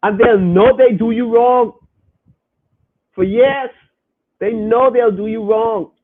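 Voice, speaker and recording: A man's voice: very high-pitched, steady tone, takes it slowly, phone-quality sound. A man hosting a podcast, preaching emphatically and repeating his points as he reads comments from the chat.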